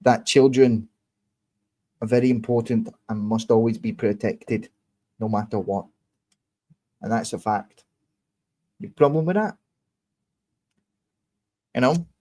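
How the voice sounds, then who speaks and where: A man from England hosts his own online show in a blunt, combative monologue. He speaks slowly and deliberately at a middle pitch, swearing freely and hammering the same points again and again as he lectures his viewers. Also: dark tone. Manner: slow, deliberate, repeats points. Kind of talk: casual monologue answering viewer comments.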